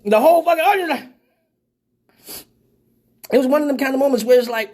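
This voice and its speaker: A man hosting a live show, telling a profane story in a casual, animated way and laughing often. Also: extremely high pitch, brisk. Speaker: host of a live call-in show.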